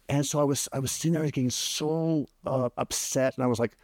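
A middle-aged man, a podcast guest, telling a personal story in a halting way, repeating words and pausing with frequent ums. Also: mid-range voice, steady tone, a little mellow, no echo.

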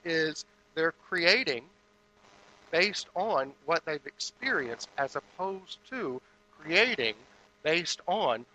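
A man minister giving a sermon that moves from a hushed guided meditation into lively storytelling. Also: fairly high pitch, slow, slight background noise, rough recording.

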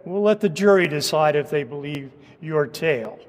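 A man's voice: on the high side, expressive, normal speed, natural voice. A man playing a combative trial lawyer who cross-examines a witness with pointed, sarcastic questions, in an echoey courtroom. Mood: badgering.

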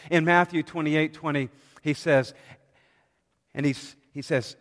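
A man preaching a sermon from the pulpit in a measured, dramatic way, with pauses between phrases. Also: on the high side, steady tone. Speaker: pastor. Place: church sanctuary. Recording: long hall reverb.

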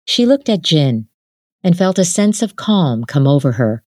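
Woman, host, calm storyteller, low voice, animated pitch. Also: unhurried, no room sound, clean studio sound. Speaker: podcast host and reader. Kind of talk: scripted narration.

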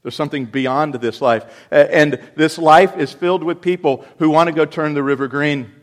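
A man preaching a sermon, dropping low and quiet for scripture and rising loud and emphatic for his points. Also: normal speed. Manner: preaching with big swings from quiet reading to loud emphatic outbursts. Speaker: pastor.

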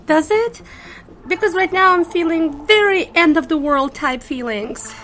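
A woman's voice: extremely high pitch, expressive, measured pace, fairly bright tone, faint music behind. A young woman narrating a first-person audio drama in a nervous, wry, self-mocking way. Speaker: narrator and lead character.

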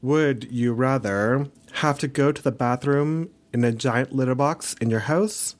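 A man's voice: medium pitch, a little slow. A man co-hosting a casual podcast, playful and laughing often as he reads out questions. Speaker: podcast co-host.

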